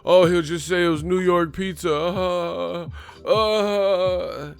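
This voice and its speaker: A man's voice: high voice, fairly even intonation, takes it slowly, gravelly, smooth, faint music behind, voice pushed up, full character voice. A man putting on a whiny, sing-song voice to mock an adult male internet commenter.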